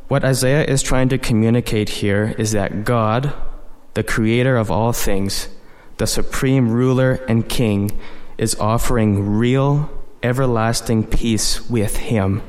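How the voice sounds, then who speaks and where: A man's voice: medium pitch, fairly even intonation, measured pace, darkish tone. Earnest man preaching in a reverberant hall. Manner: earnest, explains verse by verse with frequent "you know". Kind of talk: sermon.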